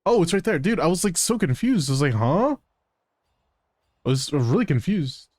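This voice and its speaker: A man's voice: on the high side, lively intonation, fast, darkish tone, no echo, clean studio sound. A man streaming a game live, chatting casually to viewers with plenty of swearing, teasing and laughter. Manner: profane, teasing, laughs often. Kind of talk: casual live gameplay commentary.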